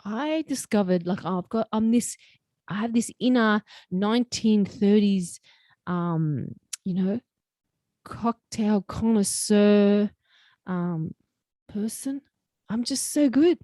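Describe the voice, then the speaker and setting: Woman, joking solo podcast host, dry close sound, chatty and animated delivery. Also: a little high, moderate pace, no echo. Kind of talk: casual solo podcast talk.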